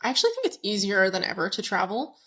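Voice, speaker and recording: A woman's voice: medium pitch, fast talker. Storytelling American woman, podcast guest. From United States. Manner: animated storytelling, laughs often. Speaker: guest, author and writer. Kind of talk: casual interview.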